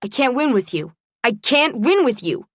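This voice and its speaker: A woman's voice: fairly high pitch, sing-song, moderate pace, dry recording, studio quality, pitched above the performer's own voice. A woman voicing a drunk, heartbroken young college man who pleads in a raw, emotional way. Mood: anguished.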